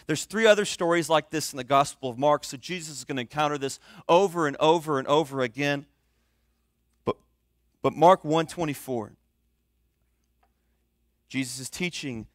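Man preaching, lively and conversational, fairly high voice, dry close sound. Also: no room sound. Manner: animated, conversational, joking asides to the audience. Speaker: pastor. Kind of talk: sermon.

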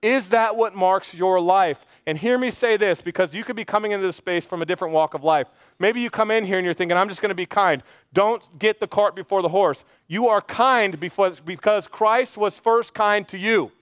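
Male pastor, sermon delivery, earnest and chatty, high clear voice. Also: dry recording, studio quality. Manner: earnest, conversational preaching with quick asides and repeated phrases. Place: church stage.

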